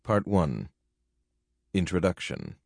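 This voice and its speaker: Low-voiced man reading a nonfiction book. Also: sing-song, a little mellow, dry recording, studio quality. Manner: measured, formal reading. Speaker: audiobook narrator. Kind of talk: scripted narration of a nonfiction book.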